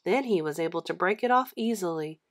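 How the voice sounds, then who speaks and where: Read-aloud narrator: woman, lively pitch, expressive, steady storytelling. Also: fairly quick.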